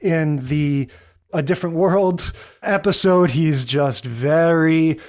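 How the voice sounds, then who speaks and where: A man co-hosting a podcast, casually recapping an old sitcom episode in a wry, relaxed way, chuckling as he talks. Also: on the high side, slow pace. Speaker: podcast co-host.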